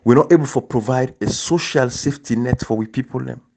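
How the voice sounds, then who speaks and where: A man's voice: medium pitch, fairly quick, vocal fry, no room sound. Impassioned Sierra Leonean man, dry sound. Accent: Sierra Leonean Krio-English. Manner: impassioned, repetitive, rising to near shouting. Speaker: political commentator. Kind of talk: casual political discussion.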